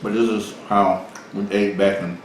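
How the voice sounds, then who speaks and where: In a very echoey room with a bit of background noise, a man with a fairly low, level voice co-hosts a laid-back mukbang vlog. He takes his time, joking and boasting through his stories.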